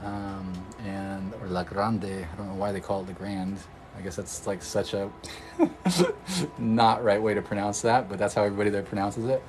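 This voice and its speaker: Guy from oregon rambling on a livestream, lowish voice, faint hum behind. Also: normal speed, darkish tone, low-quality recording. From Oregon, USA. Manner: rambling, restarts often, reads and answers viewer comments. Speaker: energy healer livestreaming. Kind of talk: casual livestream chat.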